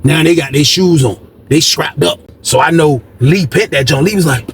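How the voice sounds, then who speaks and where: A man's voice: on the high side, a little fast, few pauses, slight background noise. A man from Norfolk, telling a story casually and animatedly, full of slang, constantly saying "man" and "bro". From Norfolk, Virginia.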